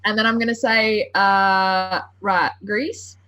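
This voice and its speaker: A woman's voice: mid-range voice, steady tone, takes it slowly, pushed and bright, poor audio. A woman chatting casually as a player in a tabletop game, full of likes and ums. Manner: chatty, hedges with "like" and "um".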